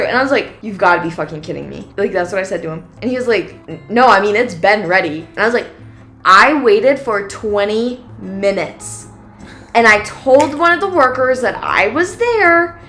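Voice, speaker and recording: Faint music plays behind a young female podcast co-host as she casually relates a long story in a medium-pitched voice at moderate speed. Acting out every side of the back-and-forth, she uses "like" constantly.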